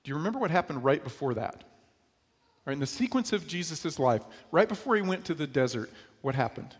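A man's voice: fairly high pitch, sing-song, a little fast, breathy edge, big-room sound. A man from New York preaching a sermon in a conversational way, often asking his listeners rhetorical questions. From New York, USA. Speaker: pastor.

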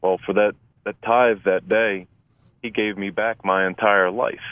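A man in his fifties with a deep voice, telling his story as a guest in a radio interview. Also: steady tone, measured pace, dry recording. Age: 50s. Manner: plain, earnest testimony. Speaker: guest volunteer. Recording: tinny phone line.

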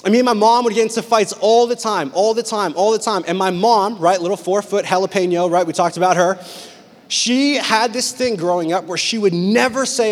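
Young male pastor, passionate storyteller with a raised pitch, preaching in a big reverberant hall. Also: normal speed. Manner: animated, intense storytelling with big swings from loud to hushed. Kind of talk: sermon with personal stories.

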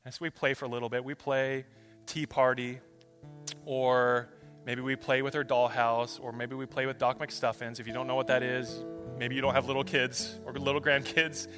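A man in his thirties, a pastor telling a family story in a sermon, dropping soft and then rising into loud pleas. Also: medium pitch, level tone, normal speed, long reverb tail, faint music behind.

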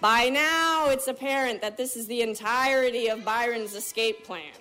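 Animated woman telling a story on stage. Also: fairly high pitch, normal speed. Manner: animated, vivid, acts out other people's lines. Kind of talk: live storytelling performance.

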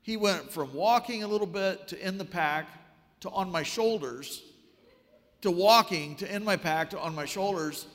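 High-voiced man preaching in a hall. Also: normal speed. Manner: storytelling, wry and animated. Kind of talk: sermon.

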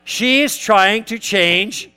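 High-voiced man lecturing through anecdotes. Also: very slow, sharp tone, clear, resonant tone, soft background music. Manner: acts out both sides of past dialogues, poses questions to the audience. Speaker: lecturer teaching conversation tactics.

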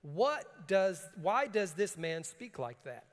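High-voiced, emphatic preaching man in a reverberant hall. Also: takes it slowly. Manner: preaches with rising, emphatic bursts and laughter, reads scripture calmly. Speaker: pastor. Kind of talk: sermon.

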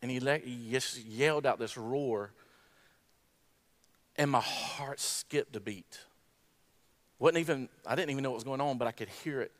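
A man giving a sermon at a graduation service. He tells a story in a relaxed way, rises to a fervent call, and closes with a quiet prayer. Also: medium pitch, moderate pace, pauses often. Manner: storytelling, climbs to impassioned exhortation. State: tearful at times.

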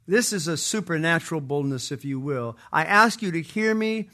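A man's voice: a little high, lively intonation, moderate pace, pushed and bright. A middle-aged man preaching a sermon, earnest and emphatic, often repeating phrases for weight.

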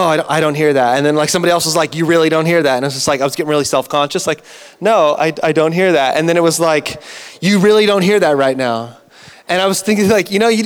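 A man preaching a sermon as a pastor, telling stories in an animated way and acting out the dialogue himself. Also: high voice. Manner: animated storytelling with acted-out dialogue. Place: church hall. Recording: long church hall reverb.

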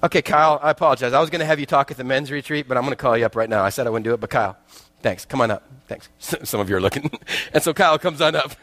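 A man's voice: medium pitch, rapid-fire, a bit bright, dry recording. A man preaching a sermon as a guest speaker, telling a parable with acted-out voices and joking with the congregation. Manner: storytelling, acts out parable voices, jokes with congregation.

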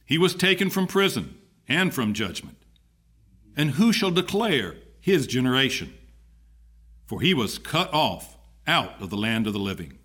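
A man solemnly reading scripture aloud in church while the congregation answers. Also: breathy edge. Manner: measured, dramatic reading with lively pitch. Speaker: scripture reader. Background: congregation answering amen.

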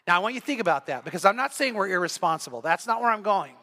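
A man's voice: sits high, animated, very fast, hardly any pauses, bright, forceful tone, some chatter behind. A man pastor giving a sermon, telling a story with animation and acting out the quoted voices. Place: church sanctuary.

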